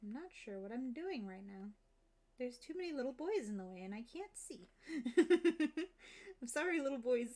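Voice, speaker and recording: A woman's voice: fairly high pitch, very animated, measured pace, dark tone. A woman streamer chatting casually while she draws, giggling often between remarks. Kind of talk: casual chat while drawing.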